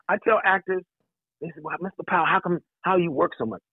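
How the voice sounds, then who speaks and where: A man, an actor and guest, joking and telling animated stories in a casual interview. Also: high-pitched, fairly quick, husky, no echo. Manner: animated, joking, laughs often. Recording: phone-line sound.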